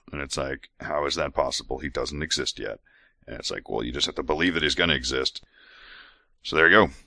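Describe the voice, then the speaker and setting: Man, podcast host, low gravelly voice, sarcastic, irreverent, mock-solemn scripture reading, dry close mic. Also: pushed and bright, dry recording. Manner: sarcastic, irreverent, mocking asides between readings. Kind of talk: comedic scripture reading and commentary.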